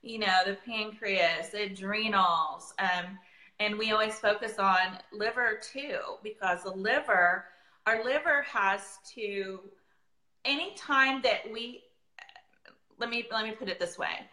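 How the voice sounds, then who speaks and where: Bright-voiced chatty woman in her forties. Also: mid-range voice, echoey room, low-quality recording. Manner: chatty, rambling, laughs often. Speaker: essential oils presenter. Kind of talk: casual chat.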